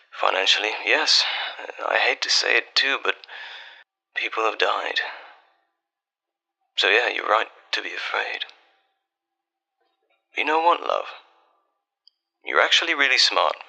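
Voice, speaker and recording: A man in a whispered role-play as a boyfriend on a late-night call, soft, tender and reassuring, with breathy whispering. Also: fairly low pitch, rough recording. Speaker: ASMR artist.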